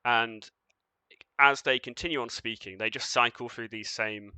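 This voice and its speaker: Bright-toned man running a tabletop game. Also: mid-range voice, steady tone, normal speed, smooth, no echo. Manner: casual, with fillers and chuckles. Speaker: game master.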